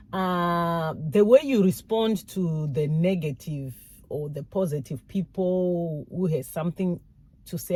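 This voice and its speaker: Soft-spoken African woman, dry sound. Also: lowish voice, no echo. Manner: candid, laughs, restarts, acts out mocking voices. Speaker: vlogger. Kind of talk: casual talk to camera.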